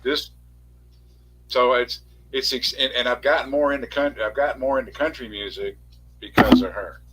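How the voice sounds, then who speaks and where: A man's voice: medium pitch, steady tone, moderate pace, fairly bright tone, slightly rough, low-quality recording. A middle-aged man in casual livestream chat, rambling and correcting himself as he talks. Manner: rambling, self-correcting storyteller.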